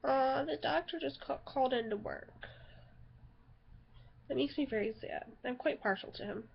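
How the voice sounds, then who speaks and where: A woman's voice: sits high, moderate pace, vocal fry, highs cut off, slight background noise. A young woman chatting casually in a rambling home vlog, easily sidetracked and giggly. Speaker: vlogger.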